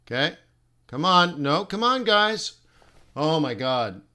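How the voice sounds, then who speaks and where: Bright, high-voiced man teaching trading live. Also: slow pace. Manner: animated and joking, teasing his viewers; rambling, with frequent laughs and restarts. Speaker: forex trading instructor and host. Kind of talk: live-streamed trading lesson.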